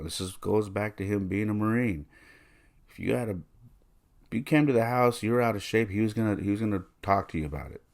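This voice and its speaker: Very deep, gravelly man telling a story. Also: darkish tone. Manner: tender, confiding storytelling. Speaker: podcast host. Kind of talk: personal reflective monologue.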